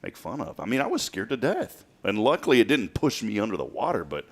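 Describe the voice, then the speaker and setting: A man's voice: fairly low pitch, wildly swooping pitch, quick pace. A man in his late thirties hosting a show, telling stories in a casual, chatty way and laughing often. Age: late 30s. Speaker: podcast host. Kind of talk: casual chat.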